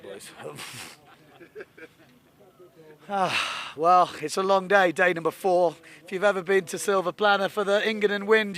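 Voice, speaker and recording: A man giving jokey, excitable live commentary from a boat on a lake. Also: sits high. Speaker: sports commentator.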